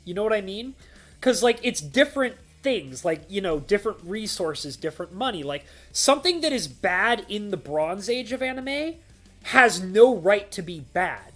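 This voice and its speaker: A man hosting a relaxed live stream, talking in a loose, rambling way. He leans hard on filler words and breaks into laughter often, and faint music plays underneath. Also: high-pitched, moderate pace. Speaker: streamer host. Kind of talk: casual live-stream chat.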